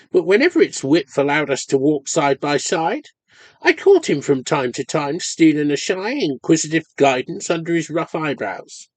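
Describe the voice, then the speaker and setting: Expressive male audiobook narrator. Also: on the high side, no echo. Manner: expressive, measured storytelling. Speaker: audiobook reader. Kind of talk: scripted narration of a ghost story.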